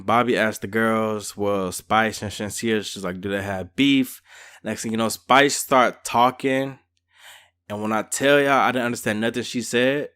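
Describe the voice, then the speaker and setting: A man giving a casual, slangy recap and review of a reality show episode. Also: mid-range voice. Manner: chatty, slangy, lively storytelling.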